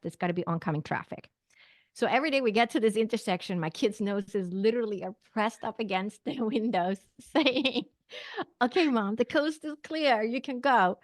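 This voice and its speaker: A woman's voice: lowish voice, dry recording, studio quality. A middle-aged woman from Sweden, a podcast guest telling a personal story with lots of fillers and acted-out quoted dialogue.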